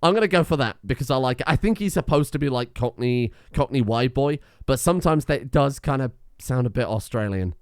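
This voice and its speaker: A man's voice: mid-range voice, expressive, a little fast, few pauses, smooth, no echo, studio quality. An English man casually commentating a video game as he plays, swearing often. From England. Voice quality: sweary, chuckling, offhand. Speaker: game streamer. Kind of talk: casual let's-play commentary.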